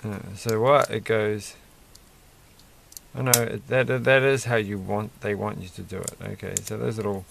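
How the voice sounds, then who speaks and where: A man's voice: on the low side, level tone, moderate pace, creaky, a bit bright, slight background noise. A man casually rambling and musing aloud as he builds a toy set, mildly self-deprecating.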